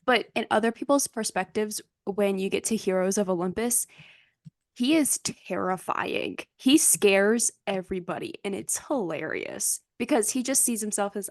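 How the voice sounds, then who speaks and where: A woman's voice: medium pitch, moderate pace, dry recording. Enthusiastic young woman, dry close sound. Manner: enthusiastic, rambling with restarts. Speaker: podcast co-host. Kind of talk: casual chat.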